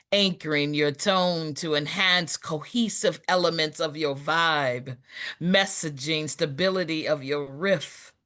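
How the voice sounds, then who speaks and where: Slow, low-voiced woman performing spoken word. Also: fairly bright tone. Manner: measured, rhythmic delivery with dramatic pauses. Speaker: poet performing at an open mic. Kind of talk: spoken word poetry reading.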